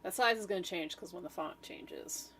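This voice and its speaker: A woman's voice: fairly low pitch, moderate pace, fairly bright tone, husky. A woman chatting casually while she makes art, thinking aloud with trailing fillers and self-talk. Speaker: art streamer. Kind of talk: rambling casual chat while designing.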